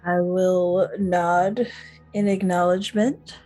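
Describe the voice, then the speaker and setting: A woman playing in a tabletop game who speaks for her character in a calm, measured way. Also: on the low side, soft background music. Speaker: player. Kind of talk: tabletop role-play.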